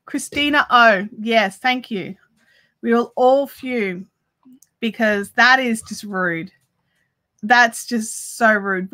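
A woman chats on a live stream while she crochets. Her voice is bright and a little high, and she talks straight to the viewers as she reads their comments out. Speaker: crochet livestream host.

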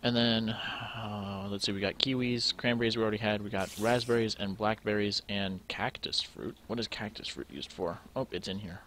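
A man's voice: fairly low pitch, steady tone, normal speed, hardly any pauses, fairly bright tone, slight background noise. A young man thinking aloud to himself as he plays through a game, in casual commentary. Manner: thinking aloud, musing to himself while sorting items. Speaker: let's play gamer.

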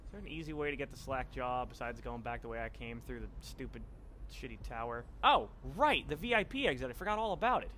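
A young man giving casual, sweary commentary on a video game he is playing, turning excitable and yelling whenever things go wrong. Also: mid-range voice, quick pace, slight background noise. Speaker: let's play commentator.

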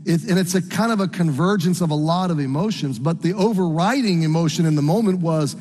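High-voiced male preacher in a reverberant hall. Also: darkish tone. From United States. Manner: earnest, halting with restarts and fillers. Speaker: pastor. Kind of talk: sermon storytelling.

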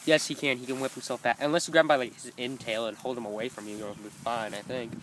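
A man's voice: mid-range voice, steady tone, fast talker, fairly bright tone. A teenage man filming his friends outdoors with a phone, joking and teasing as he narrates. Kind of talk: casual outdoor banter. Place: outdoors by a road. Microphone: phone camera held by the speaker. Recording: faint outdoor noise.

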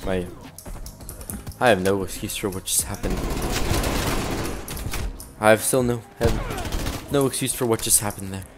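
A man's voice: lowish voice, measured pace, pauses often. A man casually commentating his own shooter gameplay, swearing and mocking himself. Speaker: gamer. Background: game music and gunfire.

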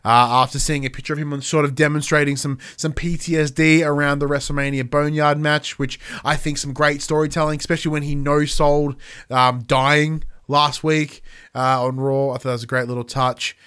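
A man's voice: fairly high pitch, little pitch movement, moderate pace, a bit bright, clear, resonant tone. A man hosting a podcast, reviewing in a casual monologue with lots of fillers and playful acted-out quotes. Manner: chatty, lots of fillers, acts out quotes with a raised voice. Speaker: podcast host.

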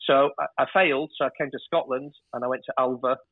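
A man's voice: medium pitch, fairly even intonation, fast talker, no room sound. A man in his fifties with a northern English accent, talking candidly as a guest and swearing freely. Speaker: guest, television director. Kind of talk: casual interview storytelling. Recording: dry, phone-like muffled line.

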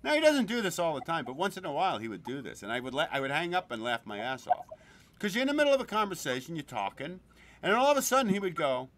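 A man's voice: a little high, wildly swooping pitch, fast talker, fairly bright tone. A man hosting a podcast in a crude, joking casual chat, laughing often. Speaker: podcast host.

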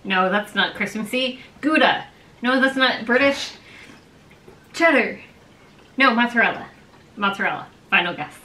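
A woman's voice: a little high, expressive, measured pace, long pauses, pushed and bright, rough recording. A woman hosting a casual trivia game on her vlog, laughing often and teasing playfully. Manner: giggly, playful.

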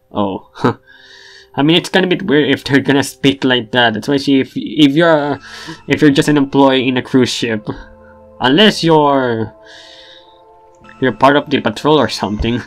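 A man's voice: medium pitch, moderate pace, long pauses, soft background music. Man chuckling through a game playthrough. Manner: wry, chuckling asides. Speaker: gamer. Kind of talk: casual game commentary.

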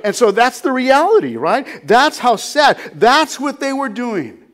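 A man's voice: extremely high pitch, big pitch swings, measured pace, a bit bright. A man, a pastor, preaching a sermon with emphasis, often checking in with the congregation with "right?" and "amen?".

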